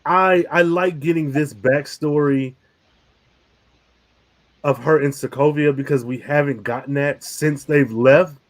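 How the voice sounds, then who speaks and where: Animated man hosting a review podcast. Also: a little high, measured pace. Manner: animated, laughs often, swears casually. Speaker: podcast host. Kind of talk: casual review chat.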